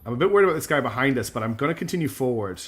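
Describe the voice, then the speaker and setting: A man's voice: medium pitch, lively intonation, very fast, fairly bright tone, soft background music. Chatty male game streamer. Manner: chatty, thinks aloud, self-deprecating. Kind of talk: live gameplay commentary.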